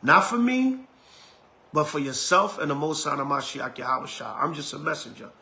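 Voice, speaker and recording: Bright, high-voiced preaching man. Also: sing-song, normal speed, creaky. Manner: emphatic, repetitive, colloquial preaching. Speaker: elder and preacher. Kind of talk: sermon.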